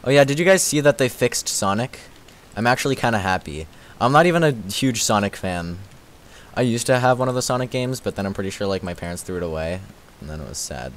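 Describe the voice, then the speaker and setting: Young guy streamer, giggly, swings from low mumbles to squeaky yells, super lively. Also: brisk. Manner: excitable, giggly, jumps between low mumbles and high squeals. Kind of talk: casual live-stream chat.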